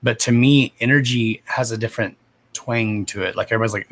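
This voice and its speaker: A man's voice: lowish voice, fairly even intonation, brisk, a bit bright. Chatty, foul-mouthed male livestream host. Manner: chatty, profane, laughs easily, talks to viewers by name. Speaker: psychic reader hosting a livestream. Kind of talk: casual livestream chat with viewers.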